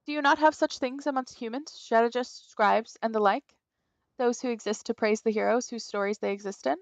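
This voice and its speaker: A woman's voice: fairly high pitch, fairly even intonation, fairly quick, no echo, dull audio, lightly acted. A woman voicing a proud, grandiose female spirit guardian in a video game, speaking in a pompous, theatrical formal manner.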